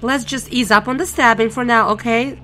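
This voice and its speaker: A woman voicing a calm, patient male agent who speaks gently to the heroine in an audio story. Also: on the high side, normal speed, faint music behind. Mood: gentle.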